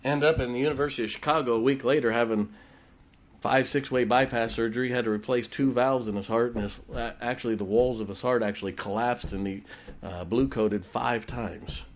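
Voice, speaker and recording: A man preaching, telling a personal story with emotion and dropping his voice low in tender moments. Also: steady tone, normal speed. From Ohio. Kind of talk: sermon storytelling.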